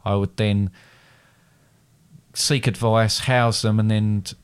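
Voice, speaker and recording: A middle-aged father co-hosting a casual podcast with his son, measured and wryly teasing. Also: lowish voice, level tone, clear, resonant tone. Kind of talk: casual chat.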